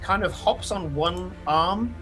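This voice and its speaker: A man's voice: sits high, slow pace, fairly bright tone, soft background music. A man narrating a tabletop role-playing game as game master, descriptive and full of fillers.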